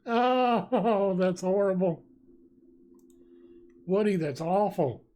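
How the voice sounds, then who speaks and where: Live streamer, slow unhurried delivery, mid-pitched, laughs often while reading chat. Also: expressive, dark tone. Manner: giggly, reacts with frequent laughter.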